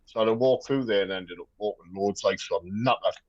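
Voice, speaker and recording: Guest pundit, man, lowish voice, dull dry line, keen and chatty. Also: fast, no room sound. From Bolton, England. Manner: enthusiastic, repeats words when excited. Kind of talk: casual football chat.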